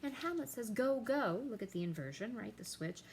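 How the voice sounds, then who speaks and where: A woman teacher explaining a play to her class, reading the quoted lines aloud with lively emphasis. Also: mid-range voice, quick pace, slight background noise, rough recording.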